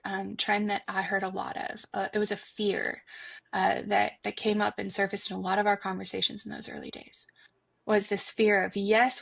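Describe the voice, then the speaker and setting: A woman's voice: medium pitch, vocal fry, dry recording. A woman guest on a podcast interview, speaking in an earnest, heartfelt way with frequent restarts. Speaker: guest, foundation institute director.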